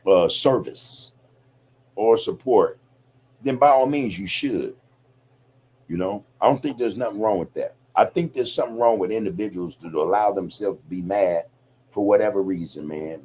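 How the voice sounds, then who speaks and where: Here a podcast host speaks in a low-leaning, husky, somewhat mellow voice. He muses loosely and profanely in a casual monologue, repeatedly saying "you know, man."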